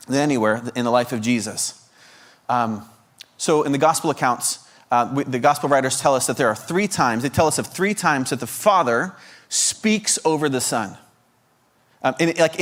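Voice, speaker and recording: A man delivering a passionate sermon in a voice of ordinary, middle pitch. He builds momentum with one rhetorical question after another, often tripping over restarts and repeated words as he drives his point home. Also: moderate pace. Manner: restarts and stammered repetitions when pressing a point. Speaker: guest preacher.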